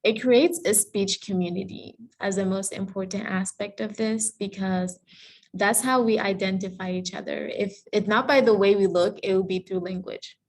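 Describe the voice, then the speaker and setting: A woman's voice: medium pitch, steady tone, normal speed, darkish tone. A woman from Cameroon giving an online lecture on a video call and answering audience questions in a friendly, explanatory way. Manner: friendly explanatory tone, with some fillers and self-corrections. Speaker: guest lecturer. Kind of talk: online presentation with Q&A.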